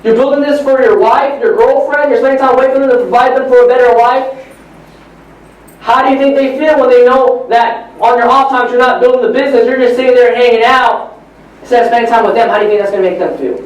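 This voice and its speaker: A man giving a live motivational talk, telling stories in an animated, preachy way at a training event in a large hall. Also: extremely high pitch, fast, highs cut off. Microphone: far from the recording mic. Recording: echoey hall from far off.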